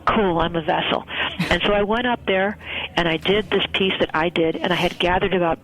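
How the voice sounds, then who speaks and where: A woman's voice: lowish voice, a little fast, low-quality recording. A woman guest, a wedding and funeral celebrant, telling a personal story in a chatty way with many fillers. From United States. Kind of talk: casual storytelling interview.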